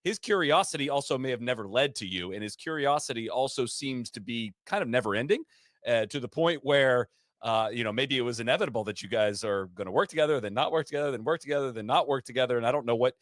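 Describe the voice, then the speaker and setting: Male host, rambling questioner, average pitch, dry mic. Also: animated, a bit bright, dry recording. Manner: halting, rambling questions with restarts. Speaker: podcast host. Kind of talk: casual podcast interview.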